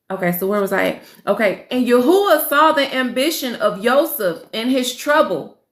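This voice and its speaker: Woman, high voice, slow careful reading, echoey room. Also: a bit bright. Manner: slow reading, stumbling over names, casual asides. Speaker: Bible study reader. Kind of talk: reading scripture aloud with commentary.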